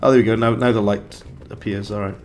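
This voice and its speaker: A man's voice: fairly low pitch, little pitch movement, fast, darkish tone, a little hiss or hum. A young man giving casual, chatty live commentary while he plays a game and banters with his chat. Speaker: game streamer.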